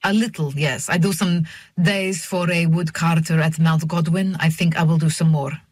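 A woman reads the part of a thin, guarded drifter man who answers in blunt, formal, sing-song English. The voice is husky and breathy, close and dry, as in a storybook recording. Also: deep voice, fairly even intonation, moderate pace, no echo. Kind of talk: audiobook reading.

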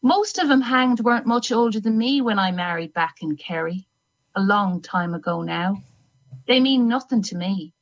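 A grim, secretive hangwoman speaks of her long trade without regret, voiced by a woman reading a story aloud. Her telling is slow and measured with a hard edge, in a voice of middling pitch for a woman. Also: expressive, dull audio. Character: older woman hangman, grim, unrepentant and secretive. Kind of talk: first-person story reading.

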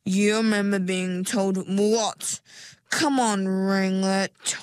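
A woman's voice: mid-range voice, fairly even intonation, smooth, no room sound, natural voice. A woman voicing a sly, controlling adult mer-woman in a storybook, with a syrupy, patronizing manner. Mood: sugary menace. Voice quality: syrupy, drawn-out and sweet. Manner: patronizing, with sugary pet names. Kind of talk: storybook reading.

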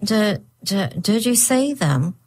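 A woman's voice: mid-range voice, big pitch swings, slow, a little mellow, slightly rough, pitched above the performer's own voice, heavily acted. A woman voicing Stanislaw, an emotional, very old Santa man, in a storybook reading. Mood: anxious.

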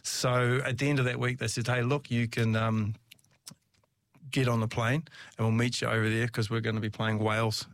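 Gravelly-voiced man telling stories. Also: mid-range voice, level tone, moderate pace, dry recording. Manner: chatty, laughs often, many restarts. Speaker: interview guest, former rugby player. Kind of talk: casual storytelling.

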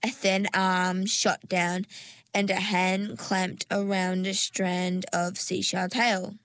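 A woman reading a children's storybook aloud in a calm, measured way. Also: mid-range voice, no room sound. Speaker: reader. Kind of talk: storybook narration.

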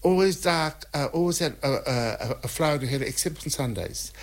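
A man, a guest telling animated anecdotes, laughing often and acting out what people said. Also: fairly high pitch, fairly quick, vocal fry. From North Island of New Zealand. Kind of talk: anecdotal storytelling.

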